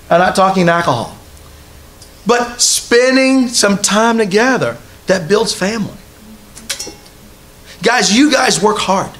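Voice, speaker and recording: Guy preaching in church, pretty high voice, chatty, keeps asking the crowd questions. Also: fairly bright tone. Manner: conversational preaching with repeated rhetorical questions to the congregation. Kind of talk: sermon. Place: church hall with a congregation.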